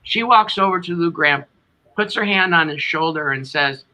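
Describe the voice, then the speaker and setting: A man's voice: fairly high pitch, normal speed, sharp tone, poor audio. A middle-aged man with a New England accent, a tribute band singer telling a long, rambling story as an interview guest.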